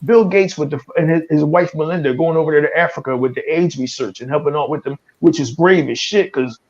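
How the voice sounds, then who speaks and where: Brisk and a little mellow, a slightly high male voice comes through lo-fi sound. He's an American hosting a casual podcast, swearing, opinionated, stumbling into restarts, and laughing at his own jokes.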